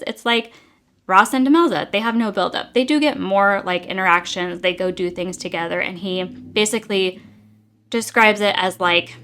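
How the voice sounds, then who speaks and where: A young woman rants through a casual book review, chatty and exasperated. She fills her talk with little fillers, and her pitch sits in a middle range. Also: normal speed, fairly bright tone.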